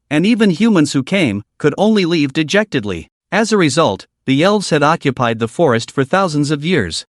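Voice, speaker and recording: Man narrating a story recap; somewhat high, animated pitch, dry booth sound. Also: dry recording.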